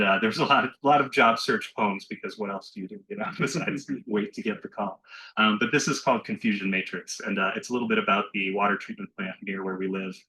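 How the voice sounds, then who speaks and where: Guy doing a poetry reading at a bookshop, lowish voice, kinda bright and sharp, rambly between poems. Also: rough recording. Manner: chatty and self-deprecating between poems, slow and measured when reading. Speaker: poet reading his work. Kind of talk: poetry reading with casual asides. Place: bookshop reading room with a live audience.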